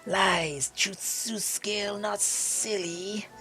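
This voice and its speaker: A gamer voicing a small, proud male kobold chief who speaks in slow, broken phrases. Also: medium pitch, steady tone, pushed and bright, soft background music, pitched above the performer's own voice. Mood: accusing. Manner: broken grammar, slow and stubborn.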